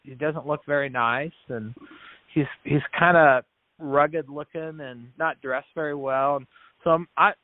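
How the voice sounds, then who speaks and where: A man speaks as a podcast guest, earnestly narrating a story and slipping into the voices of the people in it, often restarting words as he goes. His voice sits a little high for a man. The audio comes through a narrow, tinny, phone-like line with a completely dry sound. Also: fairly even intonation, measured pace, no echo. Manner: earnest storyteller who acts out quoted dialogue; frequent restarts and repeated words. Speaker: podcast guest, business founder. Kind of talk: storytelling in an interview.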